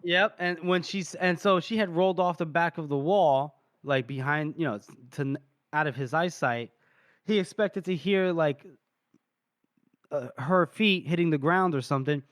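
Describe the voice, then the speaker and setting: A man's voice: fairly high pitch, moderate pace, a bit bright, dry recording, studio quality. A man co-hosting a podcast, casually retelling a book chapter and briefly acting out the characters' lines. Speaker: podcast co-host.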